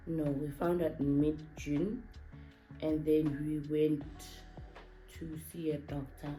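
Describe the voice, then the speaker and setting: Woman vlog host, lowish voice, unhurried, teasing, hesitant at times. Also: little pitch movement, mellow, soft background music, rough recording. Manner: playful, teasing; hesitant, searching for words. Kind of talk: casual couple vlog chat.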